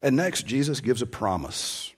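Speaking in a slightly rough mid-range voice at a moderate pace, a male pastor preaches with lively intonation. His conversational tone surges into strong emphasis on key points before settling into a soft prayer at the end.

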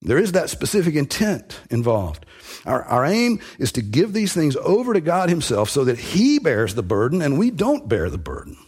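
A man's voice: a little high, wildly swooping pitch, normal speed, a little mellow, breathy edge. A man preaching a sermon, earnest and emphatic, building on repeated phrases.

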